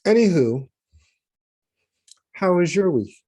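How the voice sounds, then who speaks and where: A man's voice: high voice, very animated, takes it slowly, dark tone, breathy edge. A man from the USA co-hosting a podcast, laid-back and teasing in casual chat. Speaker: podcast co-host.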